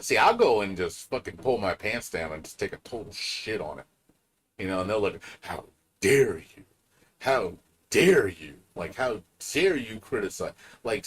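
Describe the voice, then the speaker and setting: A man's voice: on the low side, a bit bright. Profane, heated man ranting on a stream. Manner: profane, heated ranting with mocking quoted voices. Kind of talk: casual gaming stream rant.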